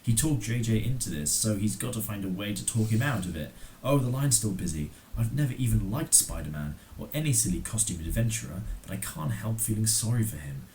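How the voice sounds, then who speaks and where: A man's voice: fairly low pitch, animated, fairly quick, hardly any pauses, a little mellow, slight background noise, voice pushed up, close to an everyday voice, poor audio. A man voicing a plucky, eager young female secretary from a comic, in a girlish voice. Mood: fretful.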